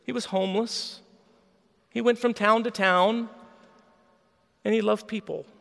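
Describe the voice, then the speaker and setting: A man's voice: high-pitched, fairly even intonation, unhurried, vocal fry, fairly bright tone, long reverb tail. A man preaching a sermon with passion, voicing the people in his story. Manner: impassioned, acts out quoted voices. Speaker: pastor.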